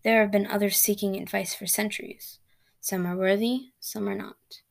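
A woman's voice: mid-range voice, steady tone, moderate pace, creaky, lightly acted. A woman reading as a cool, stern young heroine.

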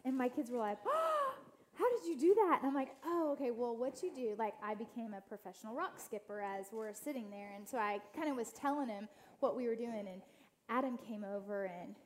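A woman speaking to a church gathering with a slightly high voice. She tells personal stories and talks straight to her listeners. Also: a little fast, a little mellow, slight background noise. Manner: storytelling, addresses the audience directly; acts out quoted family voices. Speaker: guest speaker. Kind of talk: inspirational church talk.

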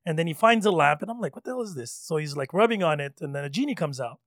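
A man hosting a casual chat, telling animated stories and laughing often. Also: on the high side, fast talker, no room sound, clean studio sound.

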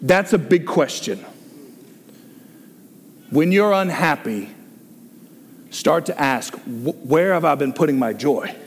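A middle-aged man, a pastor leading a group discussion, preaching in an animated, joking way. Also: on the high side, slow, pauses often, big-room sound. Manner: excitable, exclaims and jokes, reads listener comments aloud.

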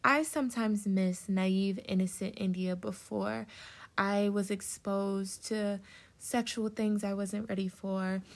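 Young woman, podcast host, gravelly fry in her voice, mid-pitched, heartfelt and encouraging, slightly emotional. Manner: heartfelt, encouraging, speaks directly to the listener. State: getting emotional. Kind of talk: personal solo podcast talk. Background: plane passing.

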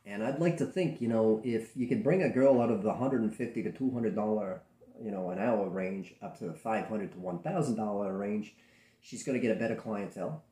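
A man producing adult films, speaking bluntly and profanely in a candid interview, telling animated stories from his own studio. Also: fairly low pitch, brisk. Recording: roomy echo.

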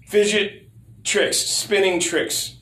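A man in casual chat, rambling with many stammered restarts and a lot of swearing, his voice going hoarse. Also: high-pitched, wildly swooping pitch, very slow, fairly bright tone, a little hiss or hum. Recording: roomy echo.

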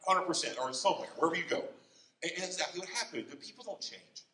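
A man's voice: a little high, fast, recorded from a distance, slight background noise. A man preaching a conversational sermon in a church, often checking in with the congregation. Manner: conversational, animated, frequent "okay?" and "right?" check-ins. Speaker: pastor. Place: church sanctuary. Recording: roomy, from the mic.

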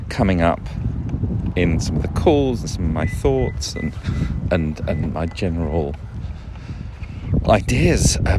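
Low, unhurried man, rambling podcast host, wry, noisy background. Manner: rambling, self-interrupting, wry. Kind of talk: casual solo podcast monologue.

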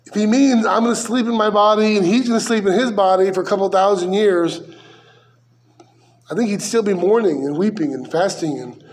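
A man's voice: sits high, darkish tone. A man, likely a pastor, preaching a verse-by-verse sermon in a conversational way, with rhetorical questions and dry asides.

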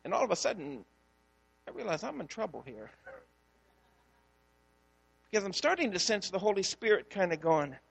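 A man's voice: sits high, normal speed, creaky, long pauses, husky, long reverb tail. A man, a pastor, preaching a sermon and telling a story, acting out the dialogue. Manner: storytelling, animated, acts out dialogue.

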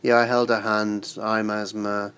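A man talking as an interview guest, halting and restarting words, crude and frank. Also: on the low side, flat delivery, fairly bright tone, clear, resonant tone. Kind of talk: casual interview chat.

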